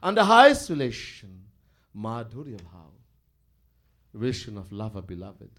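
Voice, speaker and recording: A man, a swami telling a devotional story in an animated way and chuckling often. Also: mid-range voice, moderate pace.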